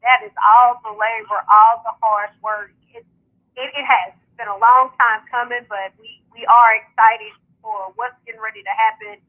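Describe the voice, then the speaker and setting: A woman's voice: on the high side, fairly even intonation, normal speed. A woman calling in to a radio show, chatting casually and upbeat about her sports media work. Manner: upbeat, talks in long runs with fillers. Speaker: founder and host of a sports media outlet, radio guest. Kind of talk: casual radio call-in chat. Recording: phone line call-in.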